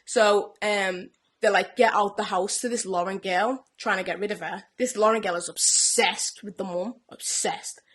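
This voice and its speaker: A young woman telling a story at a lively, animated clip, slipping into little acted-out voices for each character. Her pitch sits in the middle of the range, and her talk is loose and casual, full of "like" and "yeah?". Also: measured pace. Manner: animated storyteller who acts out characters' lines. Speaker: podcast co-host. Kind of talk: casual chat retelling a TV plot.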